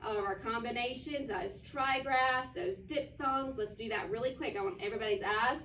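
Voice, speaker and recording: A woman teacher leads a phonics lesson with call-and-response questions, stretching sounds out slowly as she models them. Her fairly high voice comes from across an echoey classroom, heard from some distance. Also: fairly bright tone, a little hiss or hum. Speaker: first grade teacher.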